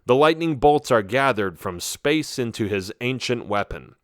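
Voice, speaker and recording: A man's voice: medium pitch, expressive, measured pace, fairly bright tone, no room sound. Dramatic male storybook narrator, dry sound. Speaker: audiobook narrator.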